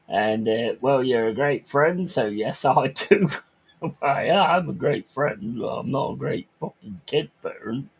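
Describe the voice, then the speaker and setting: Husky man ranting on stream. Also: mid-range voice, animated, takes it slowly. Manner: crude, swearing, ranting. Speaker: streamer reading chat. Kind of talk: casual livestream chat.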